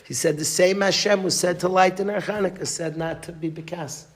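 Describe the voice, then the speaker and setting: A man's voice: sits high, fairly even intonation, a little fast. A man giving a Torah class as a rabbi, emphatic, repeating phrases and restarting mid-sentence, with Yiddish and Hebrew terms.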